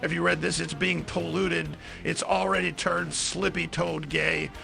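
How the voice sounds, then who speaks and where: A man's voice: on the high side, level tone, measured pace, vocal fry, bright, forceful tone, faint music behind, exaggerated voice. A man doing an impression of a frantic, middle-aged conspiracy radio ranter, alarmed and incredulous, in a played clip.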